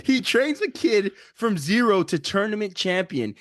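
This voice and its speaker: Brief: high-pitched man, fired-up comedic podcast pitch, dry close sound. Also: big pitch swings, unhurried, a bit bright, no echo. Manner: hyped, joking, profane. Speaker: podcast co-host. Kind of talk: comedic movie debate.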